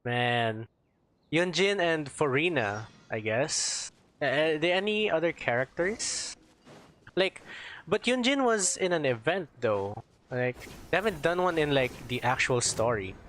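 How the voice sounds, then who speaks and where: A man's voice: on the high side, lively intonation, a little slow, a bit bright, slight background noise. A man streaming a game, chatting casually and rambling as he searches for words. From Philippines. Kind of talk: casual gameplay chat.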